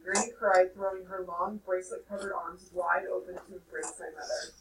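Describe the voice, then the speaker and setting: A woman teacher reading a novel aloud to her class in a measured, expressive way. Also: fairly low pitch, echoey room, recorded from a distance, low-quality recording.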